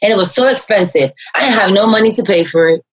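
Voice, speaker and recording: Husky lady life coach telling her story, lots of "you know" and restarts, gets animated. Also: fast, rough recording. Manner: animated storyteller, raises pitch to act out quoted speech; frequent fillers and restarts. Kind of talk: personal story in an interview.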